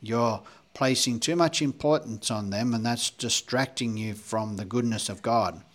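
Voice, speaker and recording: A man's voice: mid-range voice, measured pace, close to an everyday voice. A man putting on a sarcastic, lecturing religious voice. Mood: mock preachy.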